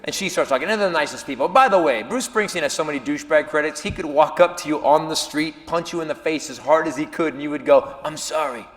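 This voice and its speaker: A stand-up comedian telling a story on a live stage, loud and animated, dropping to mumbled self-talk. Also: male voice, fairly high pitch, fast, hardly any pauses. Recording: live hall reverb with audience noise.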